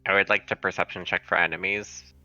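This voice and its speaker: A deep-voiced man playing a tabletop game asks hesitant rule questions, his tone bright and forceful. The sound is dry and dull, as from a lo-fi mic. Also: little pitch movement, fairly quick, soft background music. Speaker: player. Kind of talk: casual tabletop game talk.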